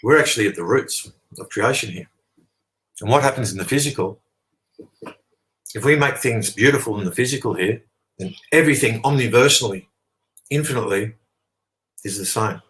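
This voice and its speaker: A man's voice: medium pitch, normal speed, long pauses, fairly bright tone, low-quality recording. A man with an Australian accent, giving a long explanatory monologue as an interview guest, talking emphatically and often checking in with "okay?".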